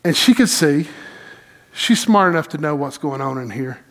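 A middle-aged pastor, preaching a sermon in an animated, folksy storytelling way with dramatic pauses. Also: male voice, on the high side.

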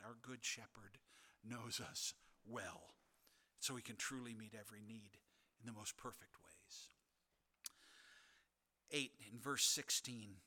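A pastor preaches a sermon in a mid-range voice, earnest and building to emphatic, insistent peaks, with soft, near-whispered asides.

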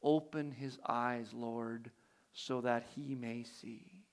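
A man reading the part of a calm, fearless prophet who speaks gently and quietly. The delivery is hushed, slow and reassuring. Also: medium pitch, pitched below the performer's own voice.

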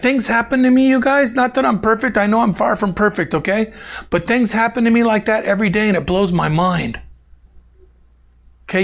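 This pastor's voice runs slightly high for a man and carries some gravel. His sermon is warm and conversational, woven with personal anecdotes, and he animatedly turns to the congregation to speak to members by name.

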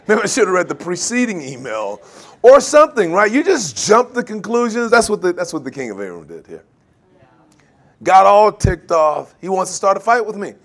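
A man preaching a sermon, animated, laughing often and acting out quoted voices. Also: high-pitched, fairly quick. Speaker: pastor.

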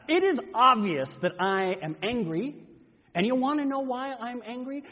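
A male pastor preaches a dramatic first-person story in an expressive, storytelling manner. His husky, high-set voice swings widely in pitch. It carries a long sanctuary reverb on a muffled, dull recording. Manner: expressive storytelling, exasperated and animated. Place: church sanctuary.

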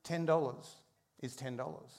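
A stubborn, thrifty older woman turns down every request in a flat, firm voice, as a pastor puts her on. She speaks lower and quieter than the preacher normally does. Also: moderate pace, creaky, close to an everyday voice.

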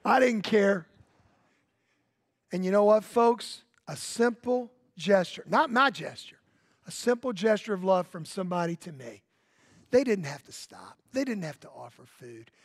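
A man with a Southern US accent, a pastor preaching a sermon in folksy, emphatic storytelling that drops to a hush for drama. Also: high-pitched, animated, moderate pace, no room sound, clean studio sound. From Southern United States. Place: church sanctuary.

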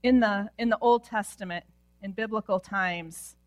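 A woman pastor preaching a sermon with impassioned delivery, often dropping to a hushed near-whisper at the ends of phrases. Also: mid-range voice, moderate pace, dry recording. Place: church sanctuary.

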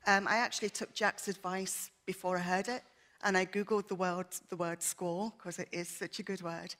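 A woman's voice: fairly low pitch, fairly even intonation, moderate pace, a bit bright. A woman giving an earnest, emotional personal testimony in church, her voice shaky at times. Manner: earnest, emotional, with many fillers.

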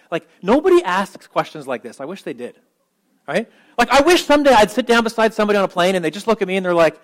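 A man's voice: high voice, sing-song, fast, low-quality recording. A male pastor giving a conversational sermon, talking casually and animatedly with frequent asides and check-ins to the listeners.

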